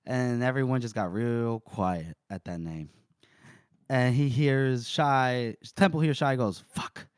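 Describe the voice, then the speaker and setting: A man co-hosting a book podcast, retelling scenes in a lively way and acting out the characters' lines. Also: medium pitch, takes it slowly, clear, resonant tone, dry recording, clean studio sound. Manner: animated storyteller who acts out quotes. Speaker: podcast co-host. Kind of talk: casual book-discussion chat.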